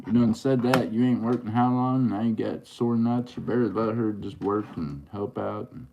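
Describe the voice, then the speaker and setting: A man's voice: fairly low pitch, steady tone, moderate pace, gravelly, dull audio, noisy background. A middle-aged man, hosting a livestream and teasing his chat in a joking, easygoing drawl. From Oklahoma. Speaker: livestream host.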